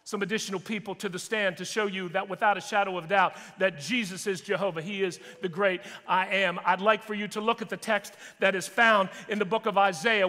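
A man's voice: high-pitched, sharp tone, big-room sound. A man preaching a sermon with dramatic, courtroom-style framing in a church auditorium. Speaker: pastor.

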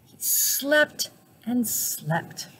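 A middle-aged woman from the United States reading a children's storybook aloud at church, slow and expressive, asking questions of the children listening. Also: fairly high pitch, slight background noise. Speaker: faith formation director reading to children. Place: church setting.

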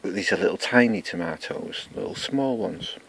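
A man with a Welsh accent, chatting slowly and rambling to himself as he walks through his garden, filming on a handheld camera, mixing English and Welsh. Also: low voice, expressive, slight background noise. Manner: slow rambling chat, mutters to himself; switches between English and Welsh. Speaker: gardening vlogger. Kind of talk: casual garden walk-through. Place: outdoor garden. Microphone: handheld camera or phone.

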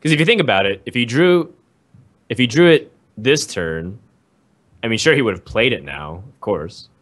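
A man's voice: medium pitch, very animated, moderate pace, a bit bright. A man casting a live card-game match, explaining plays at length in an analytical way. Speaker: esports commentator.

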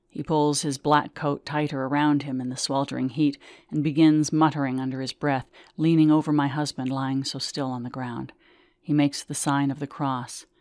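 A woman reading her own memoir aloud in measured, vivid first-person storytelling. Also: low-pitched, a little mellow, no room sound, clean studio sound.

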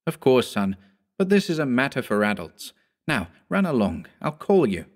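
A man voicing a sinister man who speaks in a polite, measured, condescending way. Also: medium pitch, big pitch swings, voice pushed up. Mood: coaxing.

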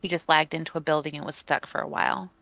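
A woman in casual multiplayer game chat, listing loot in an unhurried, amused way. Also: deep voice, steady tone, gravelly, a bit bright, no room sound, muffled recording.

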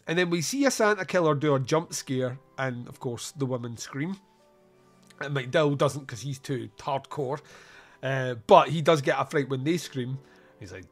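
A man hosting a podcast, retelling a film scene by scene in a casual, animated way with quick put-on voices and frequent laughter. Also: mid-range voice, soft background music. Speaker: podcast host. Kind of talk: casual film review chat.

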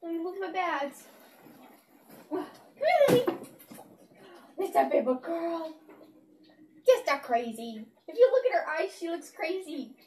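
A woman's voice: very high-pitched, lively intonation, moderate pace, a little mellow, recorded from a distance, slight background noise. A young woman vlogging, cooing at her pet dogs in gushing baby talk with frequent laughs. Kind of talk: casual vlog, talking to pet dogs. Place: indoors in a house.

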